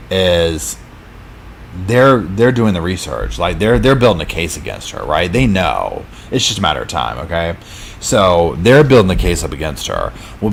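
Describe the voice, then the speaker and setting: A man's voice: low voice, a little hiss or hum. A man hosting a live true crime chat, retelling a case casually with lots of fillers and acted-out quotes. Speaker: true crime channel host. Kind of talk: live chat recap of a docuseries.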